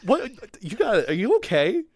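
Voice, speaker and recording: Playful man with a very lively voice. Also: high-pitched, normal speed, raised voice, a little hiss or hum. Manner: playful, chants and yelps in mock confusion. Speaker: VTuber streamer. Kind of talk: casual stream chat.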